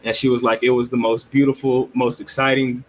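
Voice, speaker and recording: A man's voice: medium pitch, flat delivery, a little fast, a little hiss or hum, poor audio. Earnest rambling male podcast storyteller. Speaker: podcast co-host. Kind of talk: casual storytelling chat.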